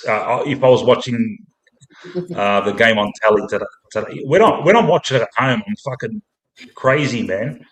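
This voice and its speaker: A man's voice: medium pitch, expressive, normal speed, a bit bright, rough recording. A man chatting casually about football, laid-back and swearing freely. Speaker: football fan on a livestream. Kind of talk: casual chat.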